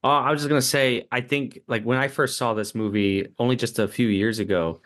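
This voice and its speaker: A man co-hosting a podcast in a casual chat, eager and quick to jump in. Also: medium pitch, fairly even intonation, fairly bright tone. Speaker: podcast co-host.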